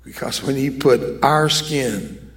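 A man's voice: mid-range voice, takes it slowly. An older man preaching a sermon as an evangelist, emphatic and drawing the congregation into call-and-response.

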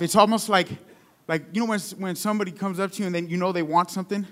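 Young male preacher, sermon delivery, conversational storyteller, voice on the high side. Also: fairly even intonation, fast, fairly bright tone. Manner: conversational storytelling with call-outs.

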